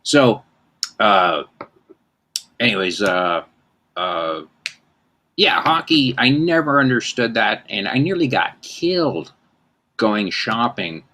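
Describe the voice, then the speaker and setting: Deep-voiced man spinning rambling anecdotes. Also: sing-song, slow, long pauses, sharp tone, a little hiss or hum. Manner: rambling, self-mocking storyteller. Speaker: host. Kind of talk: casual anecdote-telling chat.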